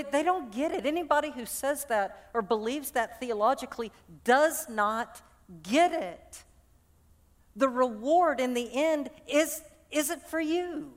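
Woman pastor preaching, fired up, stumbles over repeated words, kinda high voice. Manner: passionate, repeats words while building a point. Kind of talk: sermon.

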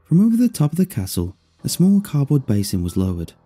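A man narrating a first-person story in an expressive, dryly amused way. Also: mid-range voice, a little fast, husky, soft background music.

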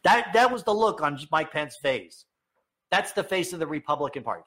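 Husky, heated man ranting about politics. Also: lively intonation, fairly quick, fairly bright tone. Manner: heated, sarcastic, swings into high emphatic outbursts. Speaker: political commentator. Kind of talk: opinionated political rant.

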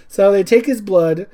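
A woman casually recapping a horror movie, acting out the characters and laughing often. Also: mid-range voice. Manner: animated storytelling, acts out characters, laughs often. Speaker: podcast co-host recapping a movie. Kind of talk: casual chat.

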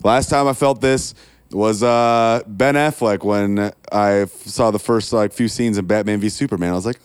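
Smooth-voiced man rambling in casual chat. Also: fairly low pitch, steady tone, moderate pace, dry recording. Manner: rambling, profane, self-correcting. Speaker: podcast co-host.

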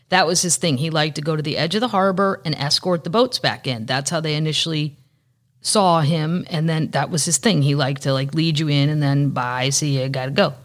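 A woman hosting a solo podcast, chatting casually and rambling, swearing freely and dropping into whispers. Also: sits low. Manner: chatty, profane, rambling, with sudden soft whispered asides. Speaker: podcast host.

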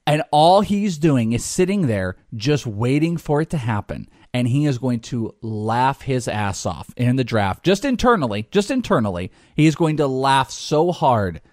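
A man's voice: mid-range voice, animated, measured pace, few pauses, a little mellow, no room sound, clean studio sound. A man co-hosting a casual sports podcast, teasing his friend, laughing a lot and swearing freely. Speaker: podcast co-host.

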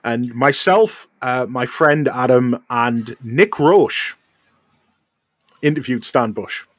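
A man's voice: medium pitch, animated, slow pace, no echo. A man hosting a podcast, telling a long anecdote in casual chat with many fillers and restarts. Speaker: podcast host.

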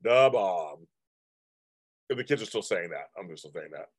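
A man's voice: deep voice, lively intonation, fast talker, fairly bright tone, slightly rough, no room sound. A man in his fifties hosting a live stream, chatting casually and rambling as he answers comments from viewers. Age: 50s.

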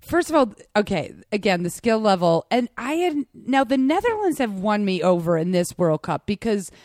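Woman co-host, chatty and animated, casual sports talk, dry sound. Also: medium pitch, moderate pace, dry recording. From United States. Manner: chatty, animated, self-interrupting. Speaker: podcast co-host.

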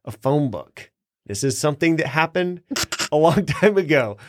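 A man's voice: on the high side, animated, moderate pace, slight background noise. Man explaining podcasting, laughing easily. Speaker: podcast co-host. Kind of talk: casual explanatory podcast chat.

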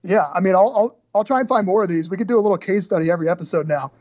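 An American man co-hosts a casual podcast chat with a playful, keen manner. His voice sits high for a man. The recording is a little dull and muffled. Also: very fast, a little mellow, no room sound. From United States. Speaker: podcast co-host.

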